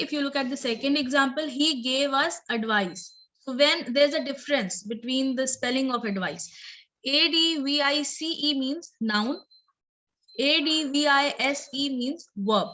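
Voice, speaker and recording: Bright-voiced woman teaching grammar. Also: high-pitched, poor audio. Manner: explanatory, repeats and rephrases, checks with "okay" and "right". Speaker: English teacher. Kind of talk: recorded grammar lesson.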